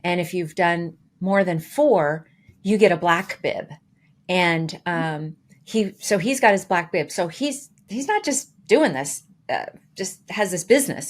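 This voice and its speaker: Animated woman telling a story. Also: on the low side. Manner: animated, acts out quoted dialogue with voices. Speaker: podcast co-host. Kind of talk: casual storytelling chat.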